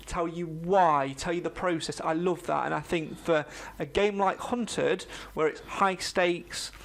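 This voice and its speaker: A man's voice: on the high side, steady tone, measured pace, gravelly. A man co-hosting a casual podcast, chatty and joking as he wraps up the show. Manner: chatty, jokey, upbeat sign-offs. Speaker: podcast co-host.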